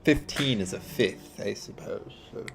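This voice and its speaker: A man's voice: lowish voice, a little slow, gravelly, music in the background. A man speaking as a player in a tabletop horror game, thinking aloud and asking questions. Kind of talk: casual tabletop game talk.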